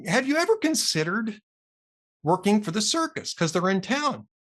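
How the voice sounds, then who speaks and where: A man voicing a puzzled male bartender in a spoken joke, asking halting, incredulous questions. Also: high voice, sing-song, a bit bright, pitched above the performer's own voice, exaggerated voice. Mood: coaxing.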